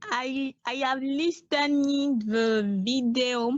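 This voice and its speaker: A woman student answering in halting learner English with grammar slips. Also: high-pitched, steady tone, no echo, lo-fi sound.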